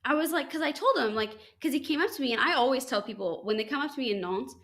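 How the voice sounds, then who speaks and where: A woman's voice: high-pitched, expressive, fast talker, fairly bright tone. A young woman hosting a podcast, telling a story in casual chat, full of "like" and acted-out dialogue. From United States. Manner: chatty, full of "like", acts out quoted dialogue. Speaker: podcast host.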